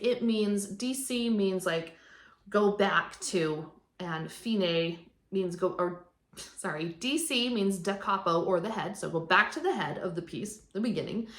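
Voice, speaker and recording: A woman teaching a strings class, explaining music terms patiently, step by step, and counting beats aloud. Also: mid-range voice. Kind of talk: instructional explanation. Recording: echoey room, faint background noise.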